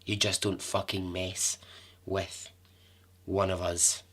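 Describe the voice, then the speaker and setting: A man's voice: deep voice, little pitch movement, slow pace, fairly bright tone. A man hosting a podcast, telling a true-crime story in a chatty way with asides and the odd swear word. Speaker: podcast host.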